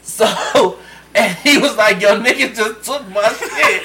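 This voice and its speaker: A man telling a story in casual chat, animated and laughing often as he acts out quotes. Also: high-pitched, takes it slowly, a crowd in the background, low-quality recording. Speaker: podcast co-host telling a story.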